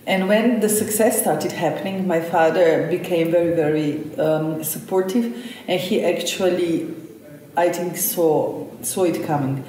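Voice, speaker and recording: A woman's voice: fairly low pitch, normal speed, heavy reverb, far from the mic, a little hiss or hum, rough recording. A young woman chef from Slovenia, telling stories in an interview with lots of fillers. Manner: animated storytelling, frequent fillers. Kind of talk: conversational interview.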